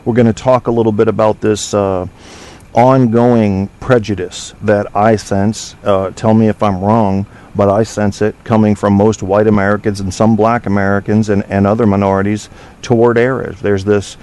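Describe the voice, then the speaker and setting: A man's voice: fairly low pitch, level tone, normal speed, a little mellow. Joking, rambling man hosting a talk show. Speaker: podcast host. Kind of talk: casual talk show monologue. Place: home studio.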